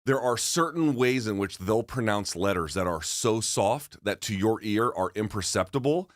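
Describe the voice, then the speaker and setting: Male studio co-host, animated and chatty, close dry mic. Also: on the low side, normal speed, no echo. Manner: animated, chatty, talks over his co-host. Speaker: podcast co-host. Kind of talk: casual sports talk.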